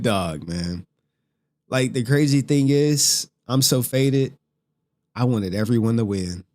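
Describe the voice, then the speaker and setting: A man's voice: medium pitch, a little mellow. A young man streaming live, chatting casually with slang and cursing, breaking into laughter often. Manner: laughs often, slangy and profane, slow drawl.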